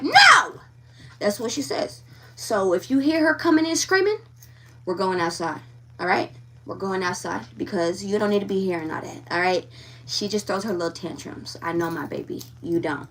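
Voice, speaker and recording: A woman's voice: lowish voice, brisk, distant mic, a little hiss or hum. A woman giving a live tarot reading, talking frankly and with animation straight to her viewers. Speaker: tarot reader.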